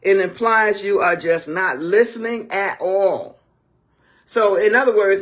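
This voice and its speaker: A woman's voice: mid-range voice, a little slow. A woman ministering on marriage to camera in a preaching style, emphatic and full of rhetorical questions.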